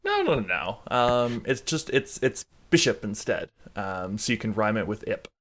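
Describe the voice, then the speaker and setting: A man co-hosting a podcast, talking in a playful, animated way in casual chat. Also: lowish voice, normal speed. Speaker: podcast co-host.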